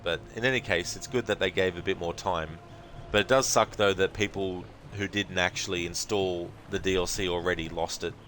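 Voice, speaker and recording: A man with an Australian accent, streaming a game and chatting casually with viewers, relaxed and full of fillers. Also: deep voice, normal speed, hardly any pauses, a little hiss or hum. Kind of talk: casual gaming commentary.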